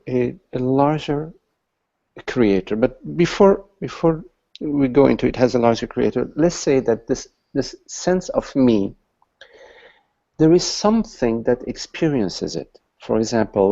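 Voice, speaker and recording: Gravelly, mellow man teaching calmly. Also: mid-range voice, dull audio. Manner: slow, halting, gentle explaining with many restarts. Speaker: satsang teacher. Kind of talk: spiritual dialogue with a questioner.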